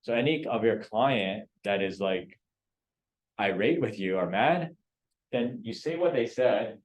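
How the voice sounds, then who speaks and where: A man's voice: lowish voice, animated, unhurried, lo-fi sound. A man leading a real estate training class, quizzing students and coaxing answers. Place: training room.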